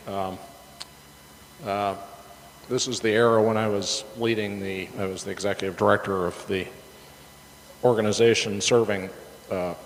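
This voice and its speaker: Chatty middle-aged pastor in a hall. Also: male voice, lowish voice. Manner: chatty, rambling, many fillers and restarts. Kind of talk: casual storytelling sermon. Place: church sanctuary. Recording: reverberant hall with faint background noise.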